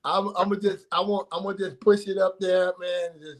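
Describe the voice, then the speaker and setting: A man's voice: high voice, little pitch movement, normal speed. A man in his sixties, a former football player and guest on a sports show, talking in a heartfelt, humble way with playful teasing. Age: 60s. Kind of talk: casual studio chat.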